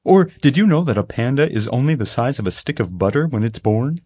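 A man's voice: mid-range voice, expressive, brisk, a little mellow, breathy edge, no room sound, voice pushed up. An eager young woman keeper spills fact after fact, as a male reader puts her on. Her voice swings up and down with enthusiasm. It is recorded dry and close for a storybook. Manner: eager, rattles off facts. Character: chatty lonely young female panda keeper. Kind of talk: audiobook character voice. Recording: dry close studio sound.

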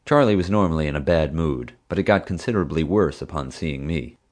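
Deep-voiced male audiobook narrator. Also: fairly quick. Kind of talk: first-person storybook narration.

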